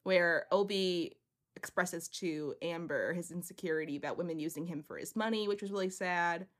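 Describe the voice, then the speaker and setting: A woman's voice: fairly low pitch, normal speed. A young woman co-hosting a podcast in casual chat, playful and teasing, laughing often. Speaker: podcast co-host.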